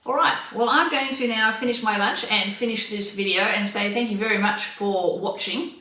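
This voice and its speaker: A woman vlogging as she cooks at home, talking in an unhurried, chatty way while she stirs, serves and tastes her food. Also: medium pitch, sharp tone. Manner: unhurried, chatty, talks while cooking and tasting. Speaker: cooking vlogger. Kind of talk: casual cooking vlog narration. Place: home kitchen. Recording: roomy, distant mic, faint kitchen noise.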